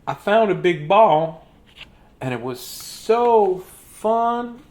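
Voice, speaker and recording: Man putting on a little girl pig, excitable, squealy, dramatic, storybook read-aloud. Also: high-pitched, extremely slow, pitched above the performer's own voice, exaggerated voice. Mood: upset.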